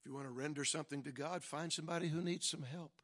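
A middle-aged man preaching a sermon, emphatic, asking the congregation rhetorical questions and swinging from loud to soft. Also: on the high side, fairly even intonation, quick pace. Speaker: pastor.

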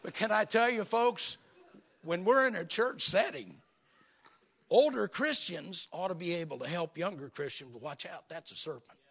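A man preaches from the pulpit, his high voice raspy and gravelly as he tells folksy stories. His tone is bright and a little strained, and he keeps it animated throughout. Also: unhurried. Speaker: pastor. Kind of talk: sermon.

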